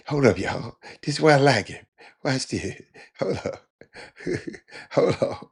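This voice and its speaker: His voice sits at medium pitch, slow-paced, creaky, and slightly rough. The Houston, Texas man hosts a casual sports talk livestream, animated and frequently laughing, with his words aimed right at his chat.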